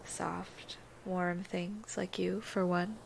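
Woman doing a teasing mermaid, whispered role-play, slow and breathy with lots of vocal fry. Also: lowish voice, flat delivery, a little hiss or hum, heavily acted. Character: seductive teasing female angler mermaid.

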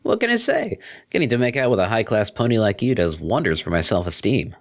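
A man's voice: on the low side, big pitch swings, a little fast, voice pushed up. A man doing a cocky unicorn DJ girl. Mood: teasing. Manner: slangy, teasing. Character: brash cocky young female unicorn DJ.

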